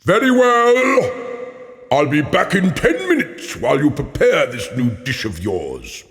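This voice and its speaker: A man voicing a greedy, evil giant ogre who talks slowly and bellows orders in a storybook reading. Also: fairly high pitch, wildly swooping pitch, fairly bright tone, heavily acted. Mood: menacing. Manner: slow, bellowing, bossy.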